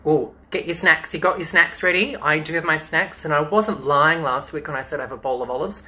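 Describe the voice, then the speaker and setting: Storytime goes live from his home via phone as an Australian drag queen reads children's books and jokes around campily between pages. The voice is a little high and a little fast, pushed and bright, with a little hiss or hum.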